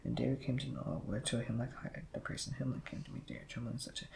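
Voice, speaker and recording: A man reading scripture aloud in a rushed way, with slips and restarts. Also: medium pitch, steady tone, vocal fry, a little mellow, a little hiss or hum, rough recording. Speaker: Bible reader.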